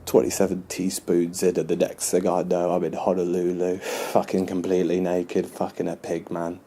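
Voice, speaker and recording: A man's voice: low voice, monotone, moderate pace, hardly any pauses, over music. A young man tells a mock anti-drug confession in a slangy, laddish way, swearing often. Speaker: comedy sketch performer.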